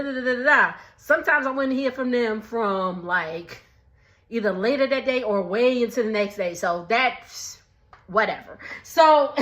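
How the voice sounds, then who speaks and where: A woman's voice: mid-range voice, a bit bright, highs cut off. A young woman casually recapping a reality show, slangy and laughing often as she retells the drama.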